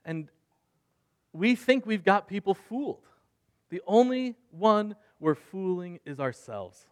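Earnest male preacher, slightly high voice. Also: animated, takes it slowly, clear, resonant tone. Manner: earnest preaching, swings between soft and emphatic. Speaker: pastor. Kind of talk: sermon.

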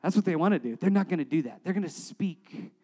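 A man preaching as a pastor, guiding a congregation through communion, talking directly to them and swinging from loud urging to hushed prayer. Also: high voice, expressive, fast, low-quality recording. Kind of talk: sermon leading communion.

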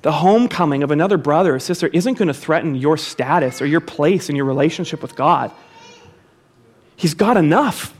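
Man, high voice, pastor, sermon, emphatic, repeats key phrases. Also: animated, a little fast, husky. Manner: emphatic preaching, repeats key phrases, asks the congregation to respond.

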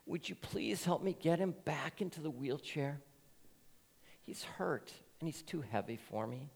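A man voicing a tearful young boy who pleads softly for help, in a reverberant church. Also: high voice, expressive, slow, pitched above the performer's own voice, exaggerated voice. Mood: pleading. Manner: soft, pleading, near tears.

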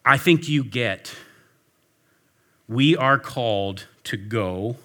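A man's voice: mid-range voice, lively intonation, takes it slowly, sharp tone. A man preaching a sermon, telling a story earnestly and leading a prayer. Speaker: pastor.

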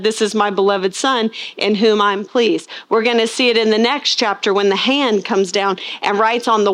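A woman's voice: on the high side, a bit bright. A woman preaching a sermon, stressing key words and asking her listeners rhetorical questions. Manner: asks the congregation rhetorical questions; acts out scenes in funny voices.

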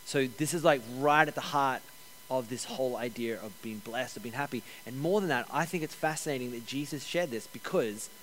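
A man preaching a sermon as pastor, energetic, repeating key phrases and joking with the congregation. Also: mid-range voice, brisk, slight background noise. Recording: long hall reverb.

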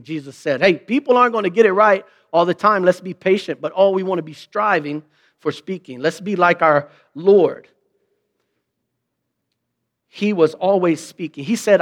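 High-voiced pastor preaching conversationally. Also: male voice, moderate pace, a bit bright. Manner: conversational preaching with rhetorical questions; acts out quoted remarks in mock voices. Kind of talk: sermon.

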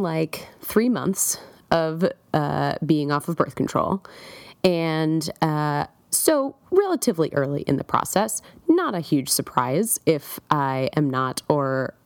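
A young woman talks through a personal diary recording, circling her thoughts with plenty of fillers and wry self-mocking asides. Her voice sits a little low for a woman, and the sound is dry and close with no room echo. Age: young adult. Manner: chatty, rambling, self-mocking, many fillers. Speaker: diarist.

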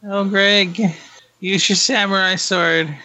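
A man's voice: high-pitched, flat delivery, slow, pushed and bright, no echo. A man co-hosting a casual podcast chat, joking and playful.

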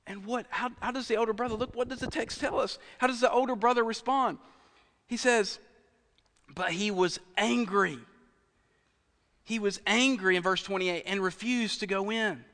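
A middle-aged man preaches in a loose, chatty style, his voice sitting high. He pulls back to a near whisper for emphasis, then pushes forward again. The long reverb of a large hall hangs on every phrase. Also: normal speed. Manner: conversational preaching, swings from loud to near whisper. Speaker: pastor. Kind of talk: sermon.

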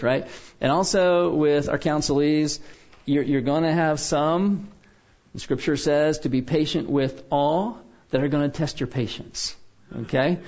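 A man teaching a biblical counseling class in a relaxed lecture style, often checking in with his listeners by asking "okay?". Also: on the high side, highs cut off.

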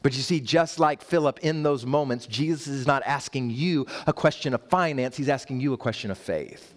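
A man preaching a sermon to his congregation, with rhetorical questions, emphatic repeated phrases and playful asides to the church. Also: normal speed. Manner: builds in pitch and force toward emphatic points, with rhetorical questions. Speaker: pastor.

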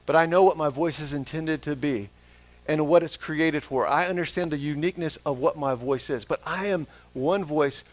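A man's voice: a little high, fairly quick. A man preaching a sermon as pastor, asking the congregation question after question. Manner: asks the congregation repeated questions.

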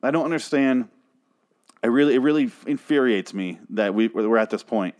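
A man's voice: medium pitch, normal speed, darkish tone. Profane ranting male podcast host. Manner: profane, exasperated, sarcastic. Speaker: podcast host reviewing a TV show. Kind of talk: ranting solo podcast review.

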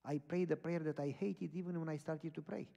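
A man's voice: fairly high pitch, fairly quick, gravelly. A man preaching, telling a personal story and acting out the dialogue. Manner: animated, acts out dialogue in stories. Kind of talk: storytelling sermon. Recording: echoey hall from far off.

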